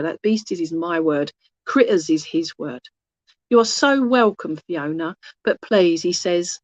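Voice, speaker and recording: A woman's voice: fairly low pitch, no echo, lo-fi sound. Chatty woman medium on a phone. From England. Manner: chatty and rambling, often losing her track and restarting; affectionate asides to the audience. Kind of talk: online mediumship reading. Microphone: phone held in hand.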